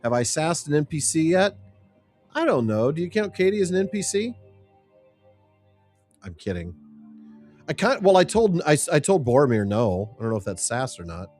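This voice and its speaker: A man's voice: on the high side, big pitch swings, normal speed, pauses often, a little mellow, faint music behind. A man hosting a casual gameplay stream, chatty and jokey, laughing at himself. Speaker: podcast host playing a game.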